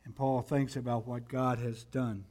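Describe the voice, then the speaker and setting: A man preaching a sermon as pastor, swinging from hushed near-whispers to loud emphatic passages, reading scripture slowly and deliberately. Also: medium pitch, little pitch movement.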